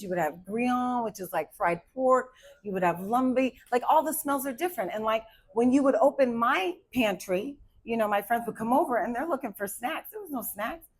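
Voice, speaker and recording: A woman in her fifties from Arizona performing a stand-up comedy set, hyper and animated as she tells stories. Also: medium pitch, rough recording. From Arizona, USA. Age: 50s.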